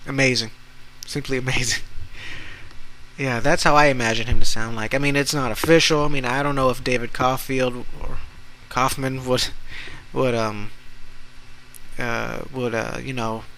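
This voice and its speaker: A young man hosting a casual solo podcast, talking haltingly with many restarts. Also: medium pitch, steady tone, bright, forceful tone, slight background noise, rough recording. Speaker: podcast host.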